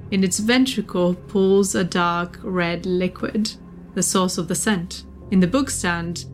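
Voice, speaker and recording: A woman narrating as game master of a tabletop horror game in a measured, descriptive way. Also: mid-range voice.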